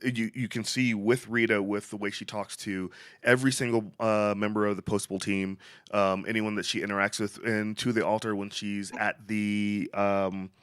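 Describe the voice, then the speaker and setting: A man's voice: fairly low pitch, little pitch movement, moderate pace, a bit bright, smooth, no room sound, studio quality. A man co-hosting a podcast, asking eager, long-winded questions in a casual interview and restarting his sentences often. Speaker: podcast co-host.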